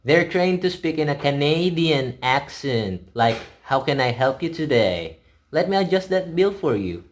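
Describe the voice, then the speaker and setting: A man's voice: a little high, natural voice. A young man playing a lonely, wry teenage boy in an echoey room. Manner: casual, wry storytelling with slow drawn-out words. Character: hungry, lonely teenage boy missing home. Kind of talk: dramatic monologue in a student film.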